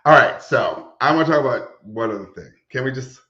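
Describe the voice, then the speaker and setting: A man co-hosting a podcast in casual chat, full of quick jokey interjections. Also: mid-range voice, expressive, pushed and bright. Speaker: podcast co-host. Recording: echoey room, dull lo-fi sound.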